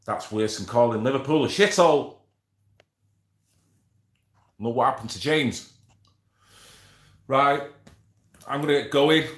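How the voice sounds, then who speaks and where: A man hosts a casual livestream, chatting with viewers in a loose, joking way, often swearing. His voice sits at a middling pitch. The room gives it a noticeable echo. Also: measured pace, pauses often, a bit bright. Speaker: livestream host. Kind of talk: casual livestream chat reading comments.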